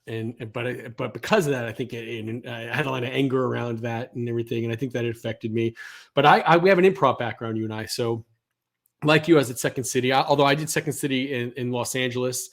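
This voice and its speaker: A podcast host from the Bronx talks quickly, in a casual and friendly way. He nods along with short replies, and his voice sits at an ordinary pitch for a man. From the Bronx, New York. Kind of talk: casual interview chat.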